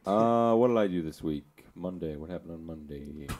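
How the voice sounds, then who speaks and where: A young man with a very low, deep voice chats on a podcast. He rambles through his week, mocks himself and swears casually. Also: normal speed, a little mellow, slight background noise. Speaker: podcast co-host. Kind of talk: casual chat.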